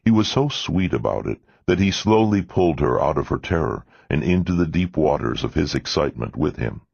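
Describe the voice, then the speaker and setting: Audiobook narrator, male, very deep and gravelly, lively pitch, dry lo-fi sound. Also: brisk, dry recording. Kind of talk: scripted narration. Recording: dull lo-fi dry recording.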